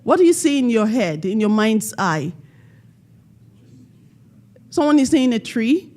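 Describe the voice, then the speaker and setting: A woman giving a motivational talk at a community event, quizzing the audience and leading them in call-and-response with slow, emphatic stress on key words. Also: a little high, big pitch swings, a little mellow. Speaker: panel speaker.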